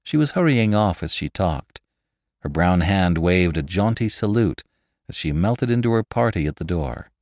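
A man narrating a classic novel in an expressive, measured reading. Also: deep voice, no echo, clean studio sound. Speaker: audiobook narrator.

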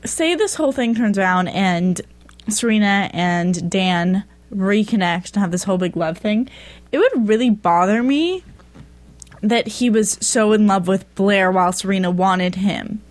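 A young woman co-hosting a casual chat who thinks out loud, scattering "like" through her sentences. Her voice sits at a middle pitch. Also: unhurried.

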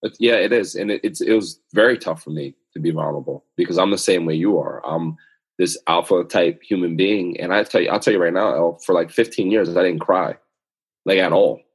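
A man with a low, husky voice, talking as a podcast guest. He speaks earnestly and emphatically, in a motivational tone that pushes his points home. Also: fairly quick. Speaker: guest, author and speaker on self-awareness. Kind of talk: podcast interview conversation.

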